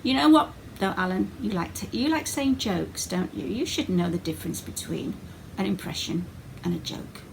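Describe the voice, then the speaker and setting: A woman's voice: mid-range voice, moderate pace, vocal fry, a little hiss or hum, poor audio. A woman talking in a sarcastic, mocking way as she answers her critics in a casual video.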